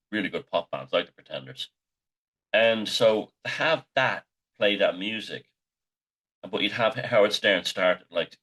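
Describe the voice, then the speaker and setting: A man's voice: deep voice, a bit bright. A middle-aged man, the host, telling rambling, sweary anecdotes in a casual monologue.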